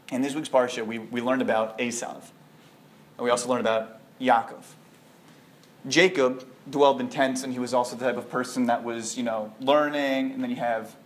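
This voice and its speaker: A man giving an informal Torah talk, animated and conversational, full of rhetorical questions. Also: medium pitch. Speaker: Torah teacher. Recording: echoey room.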